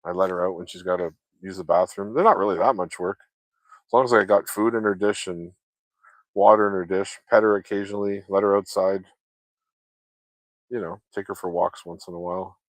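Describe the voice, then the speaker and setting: A man's voice: deep voice, steady tone, fairly quick, no room sound. A man chatting casually with viewers while he works, rambling from topic to topic and swearing freely. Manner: loose, chatty, swears freely, laughs often.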